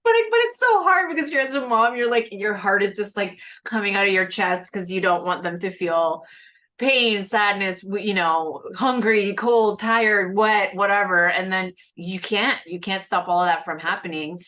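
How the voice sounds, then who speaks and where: A woman's voice: mid-range voice, moderate pace, pushed and bright. A woman hosting a casual conversation over a video call, speaking in a chatty, reassuring way with many fillers. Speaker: host.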